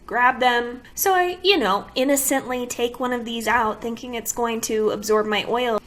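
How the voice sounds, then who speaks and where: A woman's voice: a little high, moderate pace, a bit bright, slight background noise. A woman beauty vlogger giving a casual product review to camera, complaining dramatically and asking exasperated rhetorical questions.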